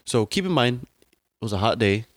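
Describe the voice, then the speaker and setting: A man's voice: mid-range voice, expressive, moderate pace, no echo. Rambling young man, dry close sound. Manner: rambling storytelling, filler-heavy, slangy. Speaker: podcast co-host. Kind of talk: casual chat.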